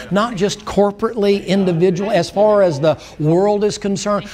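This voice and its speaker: This man preaches in a rather high voice, working a church crowd with homespun, joking stories. His delivery stays conversational, like he is talking to neighbors from the pulpit. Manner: folksy storytelling with humor. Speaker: pastor. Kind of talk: sermon. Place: church sanctuary before a congregation. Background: congregation answering amen.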